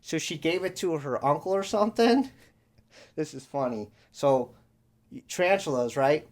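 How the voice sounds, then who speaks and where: A man's voice: a little high, lively intonation, measured pace, a little mellow. A young man co-hosting a podcast, telling rambling stories in casual chat and acting out the voices of the people he quotes. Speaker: podcast co-host.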